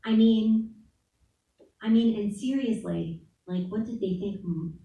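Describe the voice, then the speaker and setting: Slow, chatty New woman, echoey room. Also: medium pitch, vocal fry, distant mic, narrow, tinny audio. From New Orleans. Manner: candid, chatty, laughs often, says "like" a lot. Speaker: speaker at a spiritual center. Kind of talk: casual heartfelt talk.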